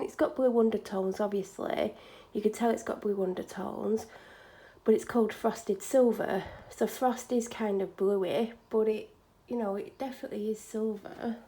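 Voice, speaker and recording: A woman chatting frankly in a home vlog from a room she is decorating, sometimes dropping into soft whispered asides. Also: mid-range voice. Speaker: vlogger. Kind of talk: casual home vlog chat.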